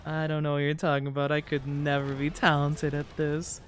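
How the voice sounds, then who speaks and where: A man streaming a game and chatting playfully with his viewers, rambling and giggling, with sudden high squeaks. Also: completely flat delivery, fairly quick, slight background noise. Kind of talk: casual live-stream chat while gaming.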